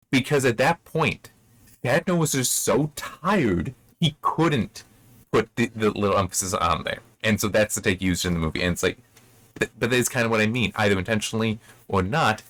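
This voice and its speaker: Male reviewer, lowish voice, loose rambling delivery, dry close sound. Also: a bit bright, no room sound. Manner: rambling, thinking aloud. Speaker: book reviewer. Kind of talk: casual commentary.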